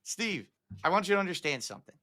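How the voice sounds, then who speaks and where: A man's voice: high-pitched, sing-song, fast, bright, forceful tone. A man as a guest in a heated interview, insistently asking to be allowed to answer. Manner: insistent, keeps asking to be heard.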